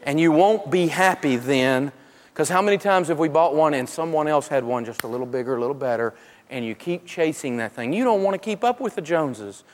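A man's voice: fairly high pitch, expressive, a little fast, big-room sound. A man giving a humorous teaching talk, telling stories and acting out everyday people, often stumbling and restarting his sentences. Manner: storytelling, acts out everyday people, frequent stammered restarts. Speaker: seminar speaker.

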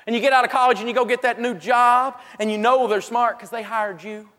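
High-voiced man telling a funny story in a big hall. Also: fairly even intonation, fairly quick, sharp tone. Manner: storytelling, acts out everyday people, frequent stammered restarts. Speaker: seminar speaker. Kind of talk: humorous teaching talk to a live audience.

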